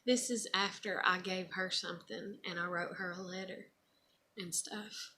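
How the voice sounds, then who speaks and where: A woman's voice: fairly low pitch, fairly even intonation, a little slow, pushed and bright, slight background noise. A woman talking casually on her own video, frank and rambling, full of "you know" and "like", sometimes swearing. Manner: swears when frustrated. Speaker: mother sharing keepsakes on video. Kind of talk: casual personal vlog.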